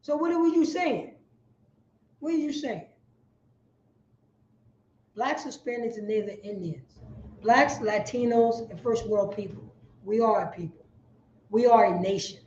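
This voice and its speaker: A man teaching a Bible class, forceful and preachy, repeating his points for emphasis. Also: very high-pitched, unhurried, long pauses, a little hiss or hum. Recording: echoey room, dull lo-fi sound.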